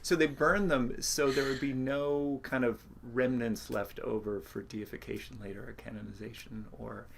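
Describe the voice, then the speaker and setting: Super low gravelly voice, dry teasing co-host on a home stream. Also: female voice, fairly even intonation, normal speed, hardly any pauses, a little hiss or hum. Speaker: musician co-hosting a livestream. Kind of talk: casual chat. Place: home, indoors.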